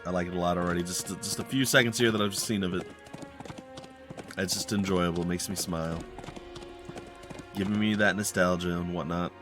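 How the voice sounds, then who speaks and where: A man's voice: low voice, fairly even intonation, a little fast, pauses often, over music. A man hosting a let's play, giving casual gameplay commentary in a rambling, hesitant way full of fillers and restarts, at a desk microphone at home.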